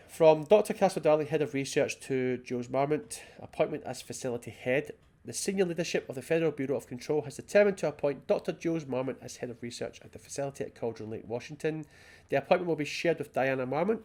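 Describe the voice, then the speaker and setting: A Scottish man commenting on gameplay, chatty and excitable, often reading in-game documents aloud. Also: on the high side. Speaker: let's play host.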